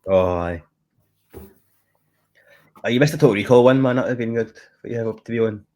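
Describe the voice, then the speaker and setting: A man's voice: mid-range voice, fairly quick, mellow. A man co-hosting a podcast, chatting casually in a rambling, easily amused way. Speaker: podcast co-host. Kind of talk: casual chat.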